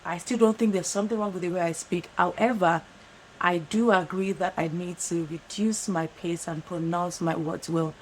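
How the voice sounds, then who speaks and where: A woman with a Nigerian accent giving earnest, fast-talking advice straight to camera, often checking in with "right?". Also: lowish voice, steady tone, a little hiss or hum, low-quality recording. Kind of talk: direct-to-camera monologue. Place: lives in London.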